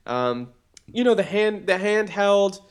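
Here the co-host's voice is high and smooth, and he takes his time. He's a young man from Boston, rambling animatedly through a casual podcast chat full of fillers.

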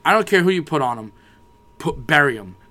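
A man's voice: on the high side, expressive, brisk, bright, forceful tone. A man co-hosting a casual sports podcast, ranting with plenty of profanity and frustration. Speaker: podcast co-host.

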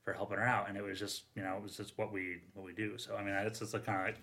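A firefighter and former union president telling casual stories on a podcast, rambling and acting out the dialogue. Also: male voice, fairly low pitch, little pitch movement, rapid-fire, gravelly, pushed and bright. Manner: rambling anecdotes, acts out quoted dialogue.

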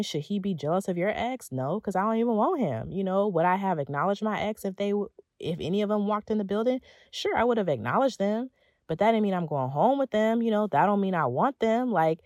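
Young woman coach, low-ish voice, sassy and dramatic, super dry close mic. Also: no echo. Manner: expressive, sassy, acts out her own thoughts with big swings. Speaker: faith and relationship coach. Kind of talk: motivational talk to listeners.

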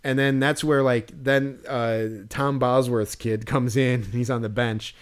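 A man's voice: mid-range voice, steady tone, unhurried, clean tone. A man co-hosting a podcast, chatting casually and rambling, with lots of "like" and fillers, acting out what people said. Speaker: podcast co-host recapping a show. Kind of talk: casual chat.

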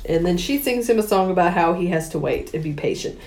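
A woman's voice: on the low side, fairly quick, darkish tone. A woman co-hosting a podcast, casually retelling a film's plot and acting out the characters' lines with laughs. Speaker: podcast co-host. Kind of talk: casual chat recapping a film. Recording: roomy sounding room.

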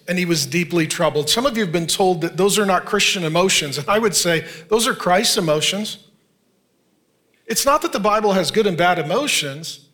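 A man's voice: high-pitched, a bit bright. A man preaching a sermon in an earnest, conversational way, often putting direct questions to the congregation. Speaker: pastor.

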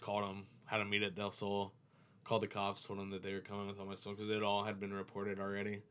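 Low-voiced man telling a story casually. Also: monotone, fast talker, a bit bright, smooth. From Florida. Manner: loose, profane, chuckles through his story. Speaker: professional kiteboarder, podcast guest.

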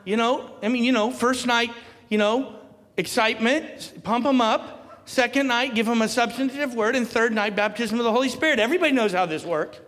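A man preaching with a high voice, easing into low talk and then rising into loud, emphatic calls. He laughs between points. The sound rings with the long reverb of a large hall. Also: normal speed, hardly any pauses. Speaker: pastor. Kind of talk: sermon.

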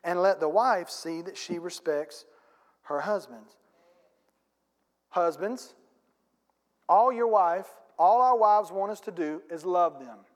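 High-voiced preaching man in a reverberant hall. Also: slow pace, pauses often. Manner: folksy preaching with casual grammar; emphatic, rising to loud peaks. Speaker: pastor. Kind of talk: sermon. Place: church sanctuary. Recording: long church hall reverb.

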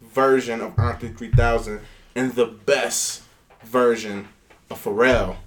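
A man's voice: mid-range voice, steady tone, takes it slowly. A man chatting on a podcast panel, enthusiastic and talking his ideas through with lots of filler words. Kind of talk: casual chat.

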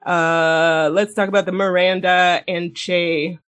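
Foul-mouthed, animated woman chatting. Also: fairly low pitch, slow. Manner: blunt, heavy swearing, animated; laughs often mid-sentence. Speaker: podcast co-host. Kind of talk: casual chat, retelling a TV episode.

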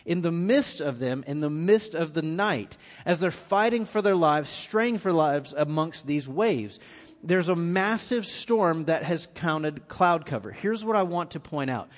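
A man's voice: fairly high pitch, expressive, a little slow. A man preaching a live sermon as pastor, telling a story and acting out the quoted lines with rising intensity. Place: church auditorium. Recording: live in a reverberant hall.

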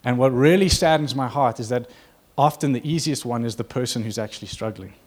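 A male pastor delivering a sermon to his congregation in an earnest, conversational manner. His voice sits at an ordinary middle pitch. He slips into short acted-out quotes. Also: brisk.

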